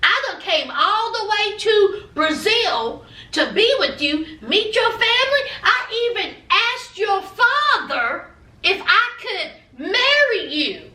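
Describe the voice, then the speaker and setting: A woman's voice: very high voice, very animated, slow, bright, forceful tone, far from the mic, exaggerated voice. A woman voicing an earnest young man pleading with his partner, in a coaxing, persuasive way. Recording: echoey room, away from mic.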